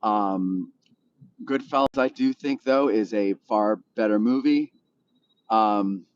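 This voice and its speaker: A man's voice: mid-range voice, darkish tone, highs cut off. A man hosting a live stream from a car, with an easygoing, rambling manner, talking straight to viewers and answering their comments in his morning voice. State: still has his morning voice.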